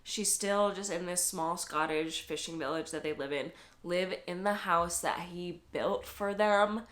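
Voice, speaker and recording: A woman's voice: lowish voice, measured pace, a bit bright. A young woman chatting casually in a book vlog, emotional and teary, with frequent laughs and swearing. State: teary, close to crying. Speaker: book vlogger.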